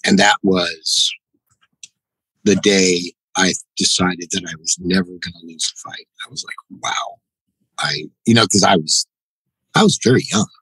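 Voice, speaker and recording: A man being interviewed on a podcast, telling stories in a halting, reflective way. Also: low-pitched, bright, forceful tone, breathy edge, no room sound, low-quality recording. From United States. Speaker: podcast guest, jiu-jitsu black belt. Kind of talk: casual interview, storytelling.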